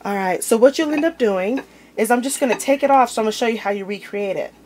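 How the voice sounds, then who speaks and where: A woman with a fairly high, darkish voice hosts a home cooking video, chatting informally and quickly as she opens jars and plates food in her kitchen. There's slight background noise.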